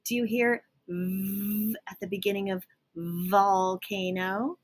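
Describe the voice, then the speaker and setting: A young woman teaching young children letter sounds, slowly and patiently sounding out each letter. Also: medium pitch, fairly even intonation. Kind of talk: phonics lesson for young children.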